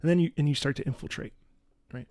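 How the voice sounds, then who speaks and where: A man reacts to music on a livestream, chatting casually in a slightly high, quick, somewhat mellow voice with no echo. He's earnest and rambling, often repeating words, restarting sentences, and dropping the occasional swear.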